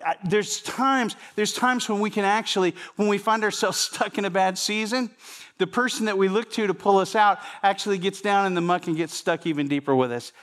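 Conversational higher-voiced male preacher. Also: fairly quick, fairly bright tone. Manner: conversational, repeats phrases, addresses congregation directly. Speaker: pastor. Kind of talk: sermon.

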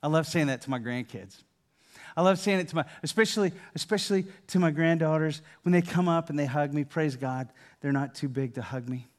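An older man preaching a sermon in a conversational way, often repeating and restarting words, dropping to a hushed voice for key lines and rising loud and animated at others. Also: a little high, a little fast. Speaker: pastor.

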